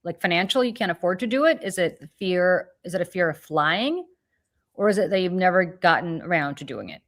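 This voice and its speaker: A woman in her fifties hosting a podcast, chatting casually and animatedly over a video call, full of quick asides. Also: lowish voice, animated, a bit bright. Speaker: podcast host. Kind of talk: casual chat.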